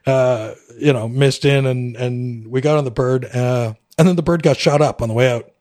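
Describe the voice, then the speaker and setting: A man's voice: mid-range voice, moderate pace, a little mellow. A middle-aged man from Canada, a military veteran guest on a podcast, telling his story candidly with a wry edge, acting out the dialogue, with frequent fillers.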